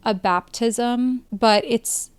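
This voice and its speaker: A woman's voice: on the high side, drawn-out words, clear, resonant tone. A woman hosting a podcast and giving a casual spoken film review. She talks in a chatty way, thinks aloud and leans on "like" as a filler.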